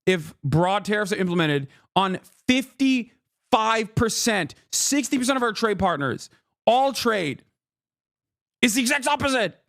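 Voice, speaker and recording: A man's voice: high-pitched, sing-song, a little slow, a bit bright, no room sound, studio quality. A man streaming, ranting in exasperated political commentary, sarcastic and swearing freely.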